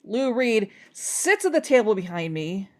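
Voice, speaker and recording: A woman guest on a podcast, telling animated stories in casual chat and filling her talk with "like". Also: on the high side, measured pace. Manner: animated storytelling, lots of "like".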